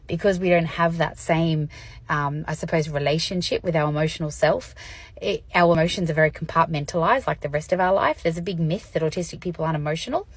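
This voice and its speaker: Low, husky-voiced woman vlogging. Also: no echo. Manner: candid, chatty, laughs often. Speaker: vlogger sharing personal experience. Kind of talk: casual educational talk to camera.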